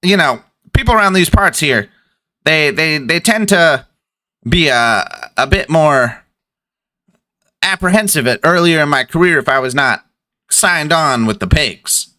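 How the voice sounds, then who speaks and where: A man's voice: a little high, lively intonation, measured pace, pushed and bright, no room sound, pitched above the performer's own voice. A man putting on a chummy sly investigator. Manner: chummy, wheedling, filler-heavy. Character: smooth-talking male investigator, coaxing and sly.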